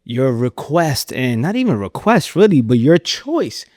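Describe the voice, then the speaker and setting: A man's voice: medium pitch, sing-song, measured pace, a little mellow, no room sound, studio quality. A man hosting a podcast interview, reflective and conversational, often restarting and repeating words. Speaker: podcast host.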